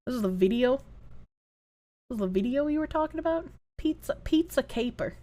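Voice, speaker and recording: Woman streamer, lively pitch, profane casual chat. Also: fairly quick. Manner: animated, profane, reacting to videos. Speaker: livestreamer.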